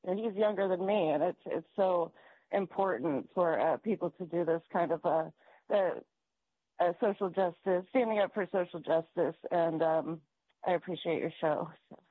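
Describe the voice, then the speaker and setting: A woman's voice: on the low side, moderate pace, husky. A woman in her late thirties calling in to a radio show, speaking hesitantly with many fillers. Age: 30s. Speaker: caller. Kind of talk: phone-in call. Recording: tinny phone line.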